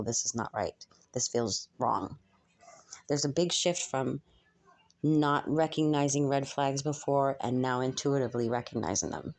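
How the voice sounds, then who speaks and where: A young woman gives a channeled spiritual reading to her viewers. Her voice sits strikingly low, and she muses aloud, hesitating often with ums as the message comes to her. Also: darkish tone.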